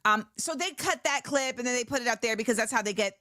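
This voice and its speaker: A woman's voice: fairly high pitch, fast talker, dry recording, studio quality. A middle-aged woman hosting a talk show, chatting casually and animatedly. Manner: animated, chatty, laughs often.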